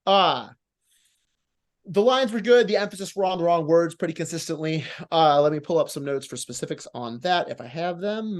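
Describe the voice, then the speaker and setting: Male competition judge, high voice, blunt coaching critique, acts out examples. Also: animated, normal speed. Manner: blunt, coaching, acts out moves and lines, casual swearing. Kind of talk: live critique of wrestling promos.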